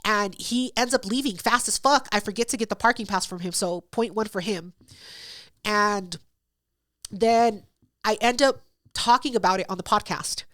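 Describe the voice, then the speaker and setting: A woman's voice: medium pitch, normal speed, fairly bright tone. A woman hosting a podcast, telling a story in casual, profane chat and acting out both sides of it. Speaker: podcast host.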